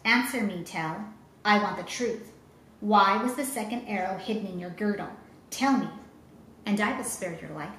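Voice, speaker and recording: A woman's voice: medium pitch, normal speed, a bit bright, a little hiss or hum, natural voice. A woman voicing a cruel, scornful male governor who mocks and threatens, in a storybook reading. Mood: demanding. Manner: mocking, gloating. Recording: roomy echo.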